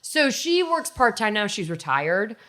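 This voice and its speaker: A woman's voice: mid-range voice, sing-song, a little slow, bright, forceful tone. Chatty young woman telling candid stories. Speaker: podcast co-host. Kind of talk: casual chat.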